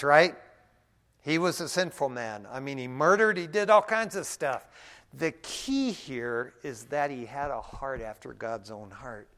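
Folksy preacher man, fairly high voice. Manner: casual and folksy, often adds "man", swings from quiet to loud. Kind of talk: conversational sermon.

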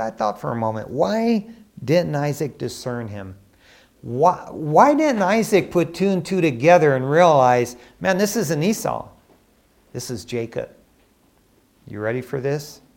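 A man preaching a sermon in an animated, emphatic way, swinging between loud bursts and hushed asides. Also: fairly high pitch, gravelly.

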